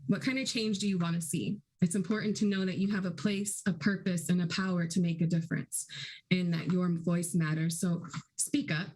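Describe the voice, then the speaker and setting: A woman activist speaking on a panel, earnest and measured as she urges people to act. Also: on the low side, level tone, a little mellow, rough recording. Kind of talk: panel talk.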